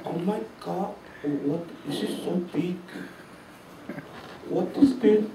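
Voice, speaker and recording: A man's voice: sits high, slow, mellow, recorded from a distance. A man voicing a fawning young woman who pleads in broken-English phrasing, recorded from across an echoey, noisy room. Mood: adoring.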